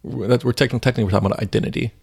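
A man's voice: on the low side, fairly even intonation, racing, vocal fry, darkish tone, slightly rough. A man co-hosting a faith podcast, chatting casually and retelling stories with many fillers. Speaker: podcast co-host.

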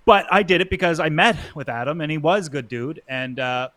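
Rambling man, slightly high voice. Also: lively intonation, brisk, pushed and bright, no echo. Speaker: guest influencer. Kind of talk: casual chat.

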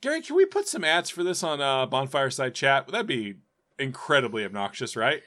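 A man's voice: mid-range voice, sing-song, a little fast, a bit bright. A man co-hosting a podcast in casual chat, teasing and sarcastic. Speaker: podcast co-host.

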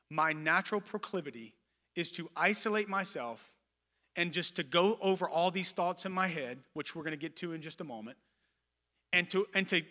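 A pastor in his thirties delivers a sermon in a church. His voice is high and bright, with a forceful edge. He swings between loud, emphatic calls and quiet, lowered asides. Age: 30s.

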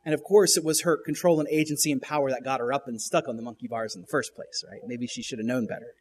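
A man's voice: medium pitch, fast talker. A male pastor retelling a children's show episode during a sermon, with frequent restarts and emphatic rises.

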